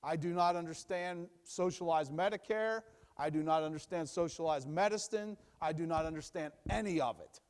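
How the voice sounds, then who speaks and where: A young adult man teaching from the Bible in a sermon, emphatic and repetitive, dropping low and quiet for asides. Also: moderate pace, hardly any pauses. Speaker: preacher.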